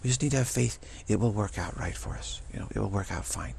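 A man giving a casual spiritual talk to camera, rambling and repeating himself with halting restarts. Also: on the low side, gravelly, darkish tone, a little hiss or hum. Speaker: spiritual vlogger.

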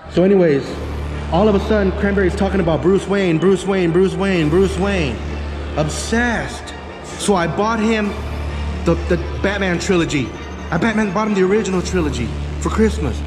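A man's voice: high-pitched, normal speed, in a large hall, over music. A man with a Texan accent, a dog trainer talking casually and profanely to the camera, his dogs and a helper while he trains.

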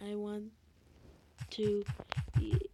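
A woman's voice: mid-range voice, completely flat delivery, drawn-out words. A woman giving gameplay commentary, giggly and flustered, with many fillers. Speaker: gamer.

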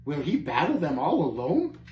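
A man's voice: a little high, wildly swooping pitch, moderate pace, warm tone, roomy sound, slight background noise, poor audio. A man doing a worried young pilgrim. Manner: worried, questioning. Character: anxious young male pilgrim. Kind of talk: storybook reading aloud.

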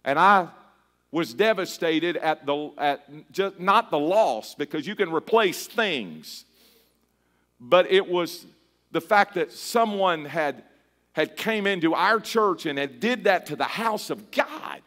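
High-voiced middle-aged male pastor preaching. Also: animated, takes it slowly. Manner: hushed storytelling that builds to a fervent, half-sung shout. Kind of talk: sermon. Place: church.

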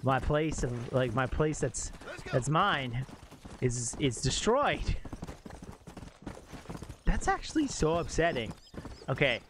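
A young man streaming a game live, reacting out loud, exclaiming and swearing as he talks to his chat. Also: mid-range voice, very animated, takes it slowly, long pauses, background noise. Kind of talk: live gameplay commentary.

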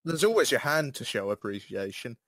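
A man's voice: medium pitch, very animated, a little fast, a bit bright, dry recording. Enthusiastic, chatty man, mid voice, dry close sound. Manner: chatty, enthusiastic about topics. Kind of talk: casual chat over voice call.

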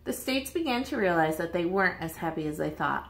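A woman's voice: lowish voice, fairly quick, gravelly. Woman reading a picture book aloud, roomy. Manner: animated, expressive storytelling. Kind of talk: children's read-aloud. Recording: roomy echo.

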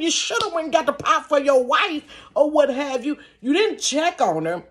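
A woman telling a family story to her viewers from her bedroom, animated, laughing, and calling them y'all and honey. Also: sits high, normal speed, few pauses. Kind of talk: casual storytime.

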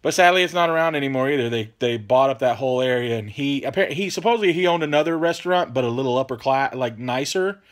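A relaxed man with a drawl hosts a casual question-and-answer vlog. He rambles and trails off, keeps saying "man," and apologizes a lot. His voice sits in an ordinary middle register. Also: mid-range voice, fast talker, few pauses. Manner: laid-back, rambling, apologetic, peppers talk with "man". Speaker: channel host answering viewer questions.

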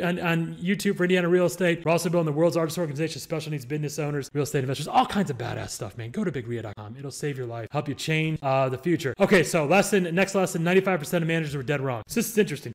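A man hosting a casual book lesson for real estate investors, telling rambling, animated anecdotes and laughing often. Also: a little high.

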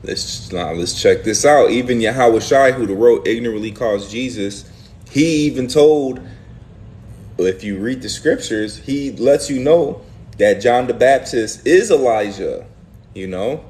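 A man's voice: medium pitch, unhurried, a little mellow. Emphatic, slangy man leading scripture talk. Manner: emphatic, slangy, acts out prophets' words. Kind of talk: animated Bible study discussion.

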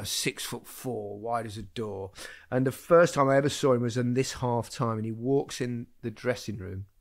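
A man hosting a football podcast, telling stories in a casual, animated way and laughing often. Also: mid-range voice, creaky, dry recording, clean studio sound. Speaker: podcast host. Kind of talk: casual storytelling chat.

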